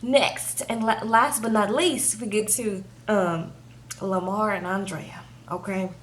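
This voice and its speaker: A woman's voice: medium pitch, steady tone, takes it slowly, a little hiss or hum. A young woman casually recapping a reality TV episode, chatting loosely and often asking "okay?". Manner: chatty, frequent "okay?" and "like" fillers. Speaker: TV show reviewer.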